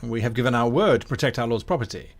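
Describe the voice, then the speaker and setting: A man's voice: medium pitch, lively intonation, fast talker. A man voicing a dutiful male guard captain who speaks in formal, unbending sentences. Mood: stern, formal.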